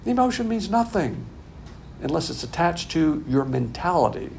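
Older guy preaching, folksy and punchy, gravelly voice a bit high, faint hiss behind. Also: big pitch swings, moderate pace, darkish tone. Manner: folksy, emphatic, repeats points. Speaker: pastor. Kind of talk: conversational sermon.

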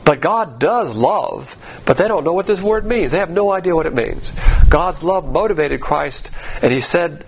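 A man's voice: fairly high pitch, lively intonation, moderate pace, gravelly, slightly rough. A man teaching the Bible in a sermon, emphatic and sarcastic as he mocks the views he quotes.

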